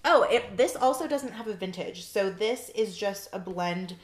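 A woman's voice: mid-range voice, animated, moderate pace. Chatty woman tasting wine in a roomy space. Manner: chatty, self-deprecating, stumbles over wine terms. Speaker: wine taster. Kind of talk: casual wine tasting chat. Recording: roomy echo.

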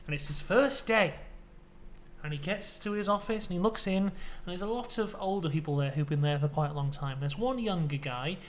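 A British man co-hosting a podcast, telling a made-up comic story in a playful, deadpan way. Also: high voice, a little fast, a little hiss or hum. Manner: playful, deadpan tall tales. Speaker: podcast co-host.

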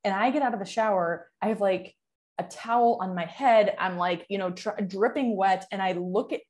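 A woman's voice: medium pitch, moderate pace, a little mellow. A young adult woman telling a story in a casual chat, chatty and full of fillers, often laughing.

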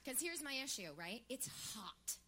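A woman in her thirties co-hosting a live podcast on stage, chatty and animated. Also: a little high, unhurried, slight background noise. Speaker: podcast co-host. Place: theater stage before a live audience.

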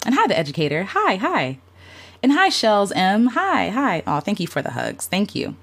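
A woman's voice: mid-range voice, wildly swooping pitch, normal speed, fairly bright tone. A woman hosting a casual livestream, speaking heartfelt and openly with many fillers, greeting and thanking viewers by name, emotional and near tears at times. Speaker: content creator hosting a livestream. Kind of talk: casual live-stream chat reflecting on the year.

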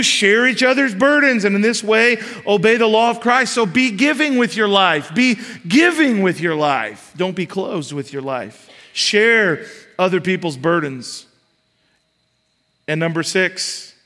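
A high-pitched man preaching a sermon, talking to the congregation as if in conversation. He builds his points with rising emphasis and drops in casual asides. His voice carries the long reverb of a large hall. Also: a bit bright. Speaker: pastor.

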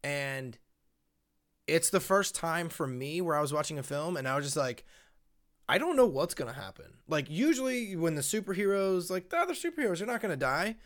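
A man's voice: fairly high pitch, big pitch swings, a little fast, fairly bright tone. A young man co-hosting a podcast, chatting casually and rambling with lots of fillers. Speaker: podcast co-host. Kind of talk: casual chat.

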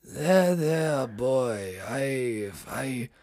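A man imitating a medium who voices the spirit of an old English doctor, speaking slowly and soothingly in a put-on English accent. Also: medium pitch, expressive, a little mellow, pitched above the performer's own voice.

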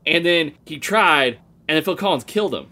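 A man playing Tarzan as a rambling, easily distracted father in an improvised comedy podcast, talking haltingly with many fillers. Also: a little high, animated, sharp tone, full character voice.

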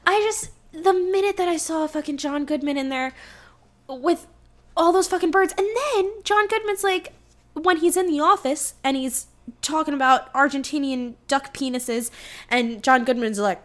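High-voiced woman chatting animatedly. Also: moderate pace. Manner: animated, swears, acts out movie lines. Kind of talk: casual chat, film recap.

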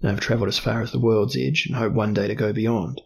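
A deliberate, probing duke who has explored much of the world, read by a man. The voice is gravelly and husky. The speech is unhurried and courteous. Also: lowish voice, fairly even intonation. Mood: genial. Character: curious, cunning male explorer duke. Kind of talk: audiobook character reading.

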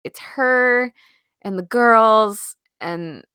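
A woman co-hosting a podcast, recapping a film in animated casual chat with many fillers and restarts. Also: a little high, very slow, smooth, no echo. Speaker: podcast co-host.

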